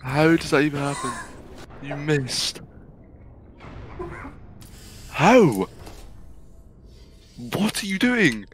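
Give me a co-op gaming partner who mocks their teammate with lots of swearing and laughter. They speak slowly, and their pitch leaps all over the place. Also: very animated, slight background noise. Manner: teasing, mocking, laughing often, sweary. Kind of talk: casual gaming banter.

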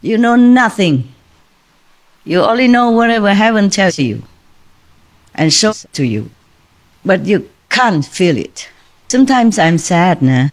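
A woman's voice: mid-range voice, sing-song, slow pace, pauses often. A woman spiritual teacher talking casually to her disciples, tired and confiding, often laughing between lines. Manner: weary, confiding tone.

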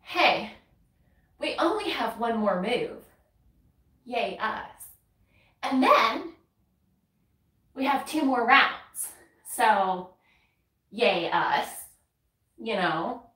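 With a fairly bright, slightly high voice, a North Carolina woman talks extremely slowly and with frequent pauses, yet she's very animated as she works out. She chats, counts reps aloud and laughs and sighs between moves, a bit winded, in a Southern accent. The sound is roomy and the mic sits far away.

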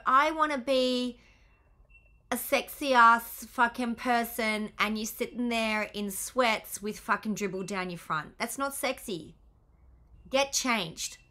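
Bright-voiced, sweary, excitable woman. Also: on the high side. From Australia. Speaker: business coach and healer. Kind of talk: casual presentation on a video call.

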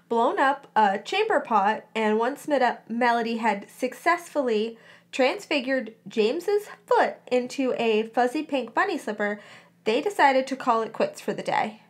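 A woman hosting a podcast, reading a story aloud expressively and chatting casually between passages. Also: on the high side. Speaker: podcast host reading fan fiction aloud.

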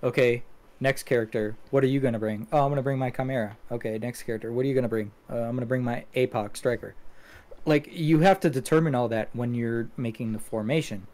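A man's voice: mid-range voice, fairly even intonation, quick pace, darkish tone. A man hosting a casual gaming podcast, talking in a loose, rambling way with many fillers and restarts. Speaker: podcast host.

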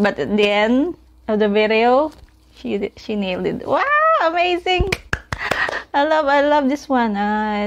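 A woman hosting a reaction video, speaking casually and gushing with repeated spelled-out exclamations about what she watches. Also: medium pitch. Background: the reviewed song playing faintly.

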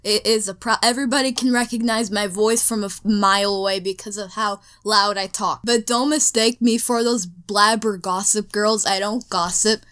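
A woman's voice: medium pitch, fairly even intonation, moderate pace, hardly any pauses, a bit bright, smooth. A teenage girl rambling casually to a desk microphone at home while she paints, talking in a scattered way and trailing off between topics. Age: teens. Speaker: speedpaint vlogger. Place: bedroom at home.

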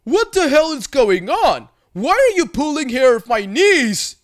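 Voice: sits high, sing-song, measured pace, voice pushed up. A storyteller voicing a huge angry man who puts on a thick mock Russian accent to scare someone. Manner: loud, menacing.

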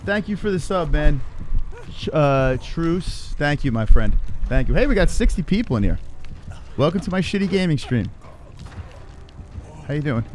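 A man giving live commentary on his own gameplay, swearing and reacting in excitable panic. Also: a little high, normal speed, long pauses, slight background noise. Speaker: streamer.

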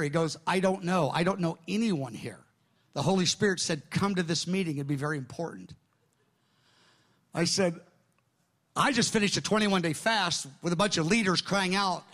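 A middle-aged male pastor delivers a storytelling sermon with a fairly high voice. He acts out the quoted dialogue as he goes, so his delivery keeps shifting. The tone stays lively and engaged throughout.

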